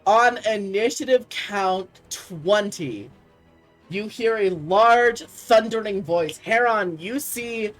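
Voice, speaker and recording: A woman game master narrates a tabletop game in a relaxed, chatty way, peppering her lines with fillers and easy laughter. Faint music sits under her voice. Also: medium pitch.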